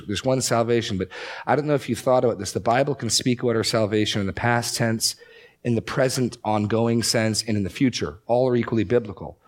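A man teaching a Bible class in a conversational, emphatic way with quick asides. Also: on the low side. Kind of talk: teaching talk.

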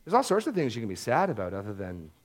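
A man's voice: lowish voice, huge pitch swings, quick pace. Conversational male preacher teaching scripture. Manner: conversational, often repeats words as he restarts. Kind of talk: expository Bible-teaching sermon.

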